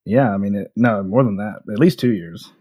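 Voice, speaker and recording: Low-voiced man in laid-back chat. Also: normal speed, darkish tone, breathy edge, no room sound. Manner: hesitant, trailing off, laughing. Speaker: podcast co-host. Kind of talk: casual chat.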